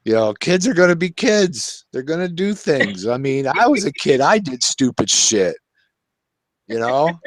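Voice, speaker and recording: A man's voice: fairly high pitch, very animated, a little slow, no echo. Older male host, folksy storyteller, laughs a lot, dry close sound. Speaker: show host. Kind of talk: casual talk show chat.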